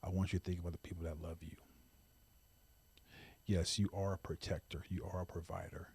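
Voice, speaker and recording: Deep husky man, pleading and earnest. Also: little pitch movement, fairly quick, a little mellow. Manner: impassioned, repetitive emphasis, pleading. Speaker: podcast host. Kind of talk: earnest monologue.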